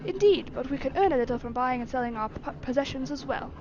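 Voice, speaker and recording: Woman reading as a terse gentleman traveler, formal and measured, high voice, lo-fi audio. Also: lively intonation, background noise. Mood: composed. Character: reserved English gentleman traveler, terse and calm. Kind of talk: reading game dialogue aloud.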